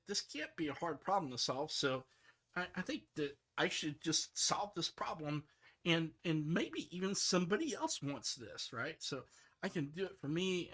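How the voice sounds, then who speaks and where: A middle-aged man, a software developer, talking casually and rambling, frustrated, with many restarts and fillers. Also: fairly high pitch. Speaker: software developer streaming his work.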